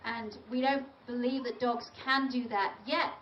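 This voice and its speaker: A woman's voice: on the high side, fairly even intonation, unhurried. A woman dog trainer lecturing an audience in a chatty, direct and emphatic way. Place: large event venue. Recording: roomy, distant, dull audio with faint noise.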